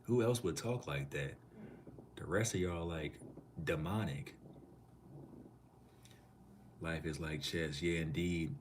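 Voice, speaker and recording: A very deep, low-pitched man from Minneapolis talks loosely and casually on a live stream. He reads out comments from chat and answers them in relaxed slang. A faint hum of noise sits behind his voice. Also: slow pace, pauses often.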